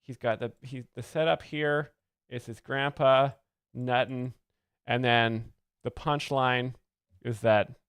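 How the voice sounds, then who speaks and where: A man giving earnest, rambling, deadpan mock-expert commentary as a comedy show host, close to the mic. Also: mid-range voice, smooth, dry recording.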